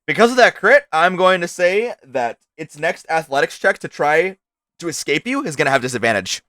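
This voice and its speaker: A young man as game master of a streamed tabletop game, casual and excitable, swearing freely as he describes the action. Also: on the high side, moderate pace, no room sound.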